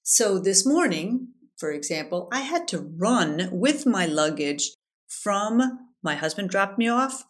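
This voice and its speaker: A woman's voice: medium pitch, sing-song, takes it slowly. A middle-aged woman hosting a podcast as a life coach, chatting casually, telling stories and guiding a breathing exercise. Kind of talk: casual solo podcast talk.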